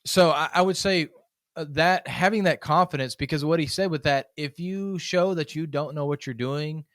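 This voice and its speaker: Animated man telling stories. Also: a little high, normal speed, no echo, clean studio sound. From United States. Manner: animated storyteller, acts out quoted voices. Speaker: public speaking coach, guest. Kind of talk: casual podcast conversation.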